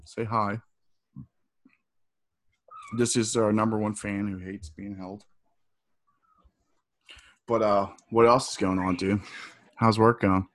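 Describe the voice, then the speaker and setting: A man's voice: fairly low pitch, flat delivery, slow, long pauses. A man, bantering loosely as a podcast co-host, joking and swearing. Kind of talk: casual chat.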